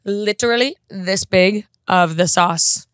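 A young woman hosting a comedy podcast, chatting casually and jokily, quick to laugh and to slip into silly voices. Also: medium pitch, no echo, studio quality. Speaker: podcast host.

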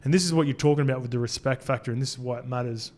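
A man's voice: medium pitch, racing, a little mellow. A man co-hosting a casual sports podcast as a former player, agreeable and telling stories from his playing days, with occasional swearing. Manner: agreeable storyteller, frequent restarts and fillers, occasional swearing. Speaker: former rugby league player, podcast co-host.

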